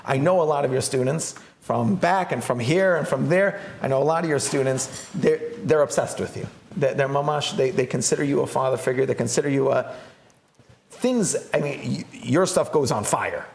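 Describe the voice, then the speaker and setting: A man hosting a live interview, talking in an animated way and acting out stories. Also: normal speed, gravelly, reverberant, slight background noise. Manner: animated, acts out stories in high voices. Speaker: host.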